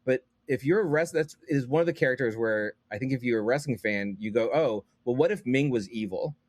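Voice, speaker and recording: A man chatting as a guest on a podcast, rambling and animated, with many fillers and restarts. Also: mid-range voice, brisk, no room sound. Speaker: guest comic book writer. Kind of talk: casual podcast chat.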